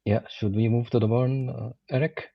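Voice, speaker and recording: A man's voice: medium pitch, steady tone, normal speed, creaky, lo-fi sound. A man playing a tabletop game, talking hesitantly with many mms and uhs. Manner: hesitant, lots of mm and uh. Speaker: player. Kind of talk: casual tabletop game play.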